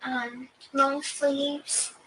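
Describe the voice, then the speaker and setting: A young woman answering an investigator's questions in a recorded interview, soft and hesitant with many pauses. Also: sits high, level tone. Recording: distant mic with faint hiss.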